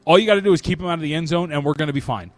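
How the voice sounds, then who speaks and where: A man's voice: a little high, rapid-fire, no echo. A man co-hosting a sports talk radio show, giving emphatic, opinionated takes. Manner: opinionated, emphatic, self-mocking. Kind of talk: casual sports radio banter.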